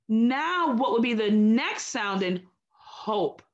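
A woman teaching a recorded phonics lesson to young children, slow, clear and encouraging. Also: on the high side, lively intonation, dull audio.

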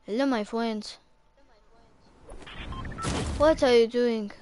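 A woman's voice: fairly high pitch, slow pace, mellow, a little hiss or hum. A woman putting on a rambling put-on African accent. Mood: bossy. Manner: commanding, rambling, silly. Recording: game music clearly behind.

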